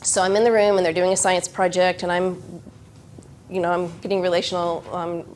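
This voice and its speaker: Animated woman presenting a workshop. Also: lowish voice, brisk, slight background noise. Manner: animated, acts out children's voices. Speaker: education presenter.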